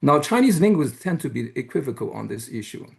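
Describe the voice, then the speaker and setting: A man giving an academic lecture who explains step by step, pauses often and checks in with the audience. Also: mid-range voice, very animated, vocal fry. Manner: hesitant, with frequent "uh" and restarts. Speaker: university lecturer.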